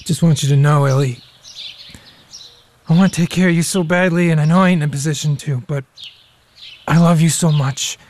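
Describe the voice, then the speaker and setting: A man's voice: a little high, steady tone, a little fast, long pauses, a little mellow, natural voice. A man playing a volatile alcoholic dad. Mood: tender. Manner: swings between bullying and tender. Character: volatile alcoholic father, hard-living man. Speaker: father. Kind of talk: radio drama acting.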